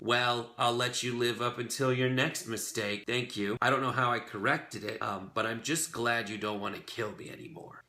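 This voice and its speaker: A young man hosting a comedic web show, reading viewer comments aloud with wry, deadpan jokes. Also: mid-range voice, normal speed, few pauses, reverberant. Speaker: host.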